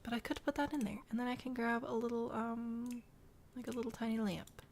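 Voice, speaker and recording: A woman's voice: fairly high pitch, level tone, brisk, a little mellow, slight background noise. Chatty Midwestern woman streaming a game. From American Midwest. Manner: chatty, self-mocking, laughs often, murmurs to herself. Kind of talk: casual live-stream chat while building in a game.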